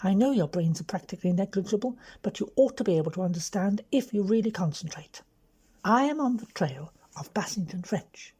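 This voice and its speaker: A woman with an English accent voicing a bold young aristocratic woman who lays out a scheme in a brisk, bossy way. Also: medium pitch, animated, mellow, slightly rough. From London.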